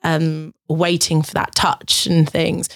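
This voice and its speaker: Giggly woman, slightly low voice. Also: monotone, slow, dry recording, clean studio sound. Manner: giggly, self-conscious, lots of fillers. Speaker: podcast guest. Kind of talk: candid casual chat.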